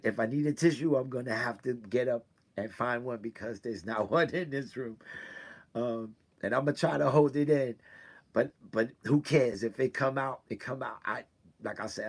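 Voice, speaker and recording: A man talking to his regular viewers, hurt and close to tears, halting and repeating himself between sighs. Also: medium pitch. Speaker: weekly video host. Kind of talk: personal confessional talk. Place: indoors in a room.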